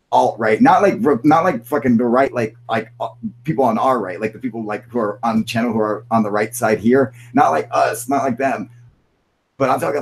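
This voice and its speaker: A man's voice: mid-range voice, low-quality recording. A young man hosting a casual livestream chat, rambling and swearing constantly, calling everyone dude. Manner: profane, rambling, frequent "dude" and laughter. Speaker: host.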